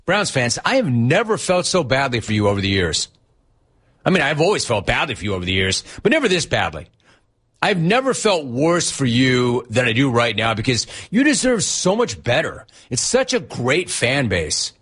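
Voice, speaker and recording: A man's voice: mid-range voice, very animated, normal speed, fairly bright tone, husky. A man hosting a sports radio show, ranting sarcastically and incredulously at a player. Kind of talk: ranting sports talk monologue.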